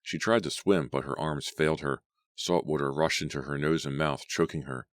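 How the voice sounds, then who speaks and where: A man narrating a horror audiobook with a slow, suspenseful reading. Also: a bass voice, steady tone, no echo.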